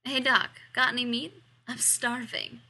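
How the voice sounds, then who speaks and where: A woman's voice: mid-range voice, animated, fairly quick, pushed and bright. A woman voicing a brash, hungry nineteen-year-old young man with a cheeky, defiant way of talking.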